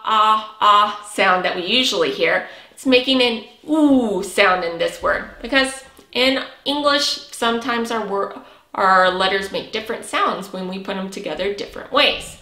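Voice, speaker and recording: A woman teaching a preschool reading lesson, speaking cheerfully with drawn-out words and lots of praise. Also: mid-range voice, bright, forceful tone. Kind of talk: slow, sing-song lesson for young children. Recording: echoey room.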